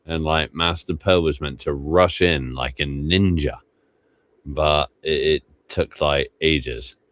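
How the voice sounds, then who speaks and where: Slow, deep-voiced man rambling. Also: a bit bright. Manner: rambling, swears often, trails off. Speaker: livestream podcast host. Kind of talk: casual commentary over archive clips.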